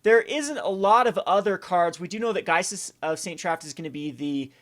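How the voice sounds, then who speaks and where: A man with a slightly raised pitch chats through a card review in a loose, rambling way. He circles back and restarts his thoughts often, with eager enthusiasm. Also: lively intonation, normal speed, fairly bright tone. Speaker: card game channel host. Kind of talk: casual card review commentary.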